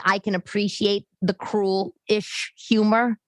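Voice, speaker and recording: A woman's voice: deep voice, expressive, moderate pace, no echo. A middle-aged woman, hosting a podcast in rambling, chatty, self-deprecating solo talk. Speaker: podcast host. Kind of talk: casual solo chat. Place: living room.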